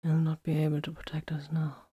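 A devoted soldier captain, gentle and apologetic, speaking barely above a breath, as a woman plays him in whispered role-play. The tone stays low and quiet. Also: completely flat delivery, a little fast, slightly rough, lo-fi sound. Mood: tender. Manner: tender, hushed, apologetic.

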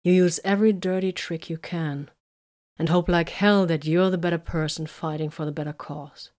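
Woman doing a sly calm lady inquisitor from a sci-fi audiobook, low voice, solemn. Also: moderate pace, natural voice. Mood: composed. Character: shrewd, composed female inquisitor.

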